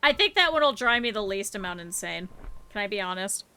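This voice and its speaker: A woman's voice: mid-range voice, expressive, a little fast, bright, forceful tone, smooth, faint music behind. A woman streamer chatting to her viewers over gameplay, swearing freely and reacting to the game as she plays. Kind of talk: casual gameplay commentary.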